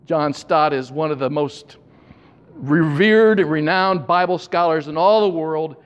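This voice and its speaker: A male pastor preaching, telling humorous anecdotes with dry asides before slowing into an earnest reflection. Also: a little high, clear, resonant tone, highs cut off. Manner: joking storytelling, then slow and earnest. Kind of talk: sermon. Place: church sanctuary. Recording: long hall reverb.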